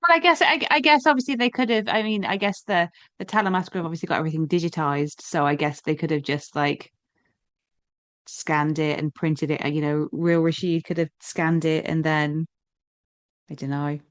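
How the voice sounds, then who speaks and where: A woman's voice: deep voice, moderate pace, no echo. A woman co-hosting a podcast in casual chat, hesitant as she thinks aloud. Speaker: podcast co-host.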